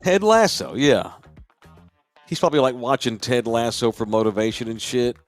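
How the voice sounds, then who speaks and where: A man's voice: mid-range voice, expressive, normal speed, faint music behind. A man hosting a podcast, making crude jokes in a casual chat. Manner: profane, joking, wisecracking. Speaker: podcast host.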